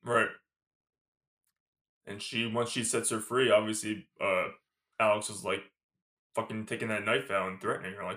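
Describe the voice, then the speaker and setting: A man's voice: fairly low pitch, fairly even intonation, normal speed, long pauses, sharp tone. A man co-hosting a podcast, talking about a film in a laid-back, blunt way and swearing casually. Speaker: podcast co-host. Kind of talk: casual film review chat.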